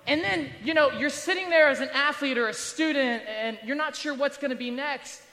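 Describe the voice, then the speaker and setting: A man's voice: very high voice, moderate pace, sharp tone, in a large hall. A man in his thirties, a pastor giving a chapel sermon to students in a conversational, joking way with rhetorical asides. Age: 30s. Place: large university chapel, standing at the altar.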